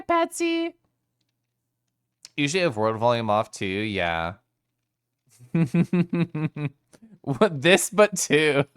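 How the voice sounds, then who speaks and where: A male streamer chatting with his live chat in a playful, giggly way, greeting viewers by name. His voice is smooth and resonant, and his pitch swoops up and down a lot. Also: a bit bright.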